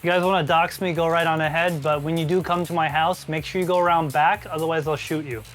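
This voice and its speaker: A man hosts a live stream with a voice pitched a little above the usual. He chats loosely and jokes at his own expense, with faint music behind him. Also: fairly even intonation, quick pace, fairly bright tone. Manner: joking, self-deprecating. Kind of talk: casual live stream chat.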